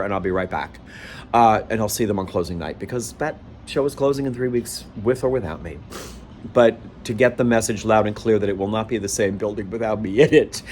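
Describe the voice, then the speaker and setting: A man's voice: fairly low pitch, a little hiss or hum. A man in the wardrobe department of a theater, talking casually and emotionally into his phone camera at home, gushing and laughing at himself. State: emotional, near tears. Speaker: theater wardrobe worker and vlogger. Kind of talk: casual selfie vlog. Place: at home, then a bathroom.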